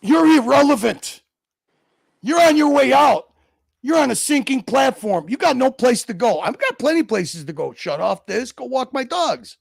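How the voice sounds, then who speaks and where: A man's voice: very high-pitched, big pitch swings, moderate pace, vocal fry, breathy edge, no echo, studio quality. A man hosting a livestream, ranting and mocking people in a heated, profane way. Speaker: livestream host.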